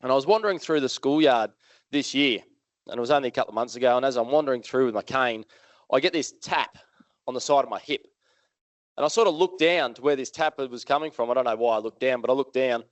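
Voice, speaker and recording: An Australian motivational speaker addresses a live audience in an event hall, his smooth, resonant voice at an ordinary middle pitch and a fast pace. He tells his story casually and with energy, often turning questions back to the crowd. The audio is dry and close with almost no echo, and the highs are cut off.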